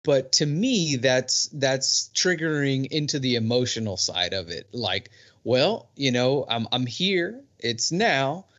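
A man's voice: mid-range voice, very animated, takes it slowly, few pauses, fairly bright tone. A man in casual conversation, speaking reflectively and hesitantly, repeating words as he works out a thought. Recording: dull lo-fi sound.

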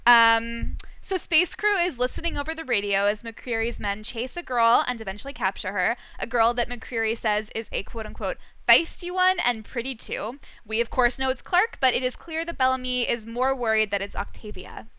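A woman's voice: on the high side, expressive, moderate pace, few pauses, bright, forceful tone, clean tone, no echo. A young woman co-hosting a casual TV recap podcast, chatty, laughing often and full of likes and ums. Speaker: podcast co-host.

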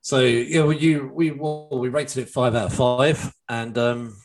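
A man's voice: mid-range voice, fairly even intonation, measured pace, soft background music. A man co-hosting a podcast, chatting casually and rambling with plenty of fillers and restarts. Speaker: podcast co-host.

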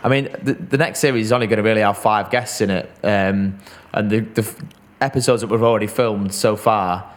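A man's voice: fairly low pitch, fairly even intonation, a little fast. Chatty man co-hosting a podcast. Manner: chatty, rambling with fillers and restarts. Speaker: podcast co-host. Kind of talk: casual chat.

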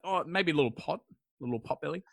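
A podcast host, a man, retelling an old epic in a rambling, crude, jokey way, slipping into quick voices for the characters. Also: a little high, animated, creaky, a bit bright, no room sound. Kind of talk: casual storytelling chat.

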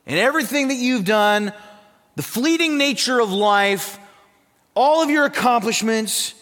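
A pastor from South Dakota delivering a sermon, emphatic and swinging between loud passages and hushed ones. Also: male voice, very high-pitched, animated, a little slow, in a large hall.

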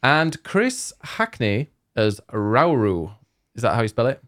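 A man's voice: mid-range voice, sing-song, slow pace, fairly bright tone. A man co-hosting a casual podcast chat, teasing his partner and reading out award nominees. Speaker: podcast co-host.

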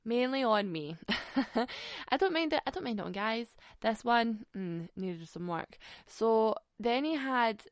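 Young scottish woman, gravelly fry, dry close sound, sarcastic storytelling, lots of swearing. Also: fairly high pitch, slow, no echo. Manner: sweary, sarcastic, animated anecdote-telling. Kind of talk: casual storytelling.

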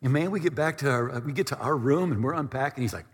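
A man preaching a storytelling sermon from a podium, animated and repetitive, moving between comic and earnest. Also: mid-range voice, fast talker, slightly rough. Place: church hall at a podium. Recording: reverberant hall.

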